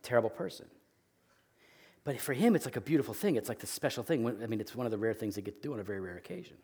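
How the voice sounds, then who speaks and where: In his thirties, a male pastor preaches a sermon in an expressive, mid-range voice with a breathy edge, speaking rapid-fire. He tells candid, self-deprecating stories about his family, broken up by sudden bursts of acted yelling.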